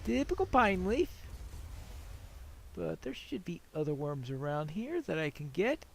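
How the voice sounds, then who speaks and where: A man's voice: high-pitched, a little mellow, slight background noise. A man giving casual let's-play commentary while he plays, musing aloud in a rambling, self-deprecating way. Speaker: gameplay commentator.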